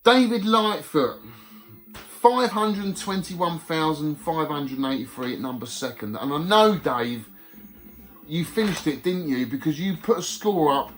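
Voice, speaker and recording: Soft music plays under a male YouTube host whose voice sits on the high side, expressive, unhurried and a bit bright. He reads out competition results in a relaxed chat with viewers, sprinkling in friendly asides.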